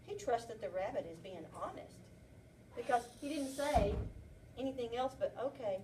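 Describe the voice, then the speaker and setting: A woman's voice: fairly high pitch, animated, moderate pace, noisy background. A woman kindergarten teacher leading an interactive read-aloud, prompting children with frequent questions, recorded by a far camera in a classroom.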